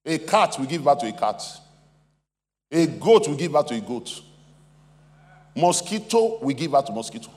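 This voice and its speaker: A man preaching a sermon as pastor, emphatic and repetitive, calling on the congregation to respond. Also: a little high. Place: large convention hall. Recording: reverberant hall, faint hum.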